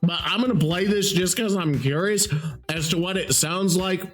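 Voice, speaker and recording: A man's voice: high voice, moderate pace, faint music behind. A man hosting a solo podcast, ranting in an exasperated, profane way. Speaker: podcast host.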